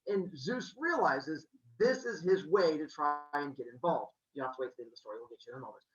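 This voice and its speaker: A man hosting a podcast, telling a myth in a playful, animated way with jokey asides. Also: a little high, fast. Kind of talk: comic storytelling. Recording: roomy, slightly muffled.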